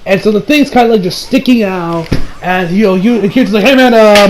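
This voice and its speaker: A man's voice: high-pitched, a little fast, a little hiss or hum, poor audio. A man casually recapping an anime episode, rambling with many fillers and briefly acting out the characters' lines. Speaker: anime reviewer.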